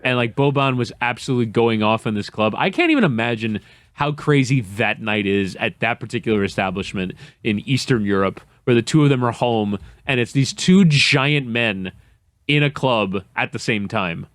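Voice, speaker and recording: A man's voice: medium pitch, expressive, normal speed, no echo, studio quality. A man on a sports podcast, eagerly rambling through a story he saw online, with playful asides. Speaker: podcast co-host. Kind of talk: casual sports-talk banter.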